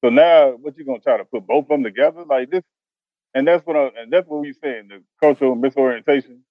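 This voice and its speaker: A man's voice: mid-range voice, fast talker, no echo. Emphatic man on dull lo-fi audio. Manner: emphatic, street-casual speech. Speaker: podcast guest. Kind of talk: casual podcast discussion.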